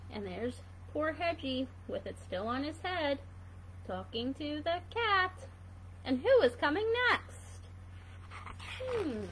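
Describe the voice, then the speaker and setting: A woman reading a storybook aloud for children, high and bright. She takes her time and swings her pitch widely, pausing to wonder about the pictures. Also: a little hiss or hum, low-quality recording. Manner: animated, asks questions about the pictures. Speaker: reader for children.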